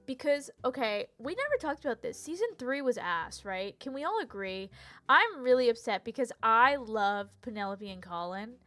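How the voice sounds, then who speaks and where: A woman's voice: on the high side, big pitch swings, moderate pace, a bit bright, no echo. A young woman streamer chatting casually and ranting animatedly about TV shows, laughing and tripping over her words. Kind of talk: casual chat, live stream rant.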